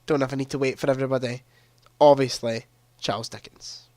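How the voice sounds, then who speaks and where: A man's voice: mid-range voice, little pitch movement, fast talker, dark tone, no room sound. Chatty man on a headset mic. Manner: chatty, reads quiz questions aloud, often laughing. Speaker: livestream quiz host. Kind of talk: casual live-stream chat.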